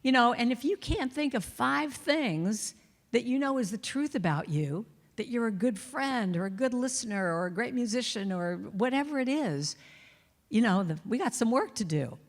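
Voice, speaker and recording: A woman's voice: fairly high pitch, moderate pace. Self-mocking woman telling stories in a hall. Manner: lively, self-mocking storytelling that acts out her inner voice. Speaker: guest speaker. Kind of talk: storytelling talk to a congregation. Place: large reverberant church hall. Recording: long hall reverb.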